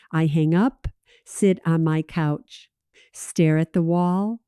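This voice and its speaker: A woman in her thirties narrating a scripted first-person story in a calm, measured way. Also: sits low, clear, resonant tone, no room sound, clean studio sound.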